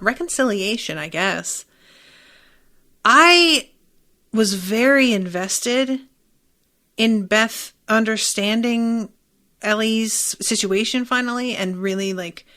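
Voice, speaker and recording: Woman podcaster chatting about a tv episode, bright sharp voice, candid and emphatic, lots of um and like. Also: medium pitch. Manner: candid and emphatic, with frequent fillers and some swearing. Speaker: podcast host. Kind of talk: casual TV episode recap.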